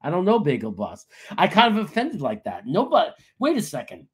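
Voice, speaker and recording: Brief: New man, sports stream host, slightly high husky voice, joking and boastful banter. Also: wildly swooping pitch, fairly quick. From New York. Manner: joking, boastful, laughs often. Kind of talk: casual live-stream banter.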